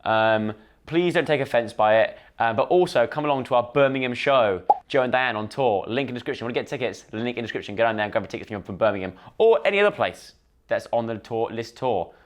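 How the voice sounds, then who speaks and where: A man's voice: mid-range voice, lively intonation, fast talker. Chatty young man playing a game. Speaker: gaming YouTuber. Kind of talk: let's-play commentary.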